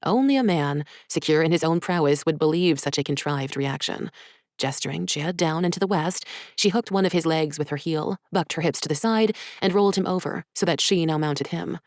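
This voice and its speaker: A woman, an author, reading her own short story in soft, measured, hushed narration. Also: low-pitched, dry recording, clean studio sound.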